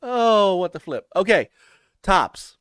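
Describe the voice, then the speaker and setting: A man's voice: high-pitched, big pitch swings, slow pace, a bit bright, smooth, no echo, clean studio sound. A man hosting a casual gaming podcast from his home basement, laughing often and getting flustered. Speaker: podcast host.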